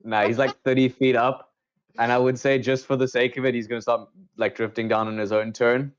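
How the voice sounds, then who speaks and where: A man's voice: medium pitch, little pitch movement, fairly quick, clean tone, highs cut off. A man acting as dungeon master in a casual tabletop game, checking rules aloud as he goes.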